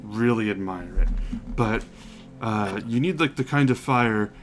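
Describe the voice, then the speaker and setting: A man's voice: lowish voice, measured pace, music in the background, voice pushed down, natural voice. A man doing a rambling old forge god. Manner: rambling, stammering, loud bursts. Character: boisterous fatherly old male forge god.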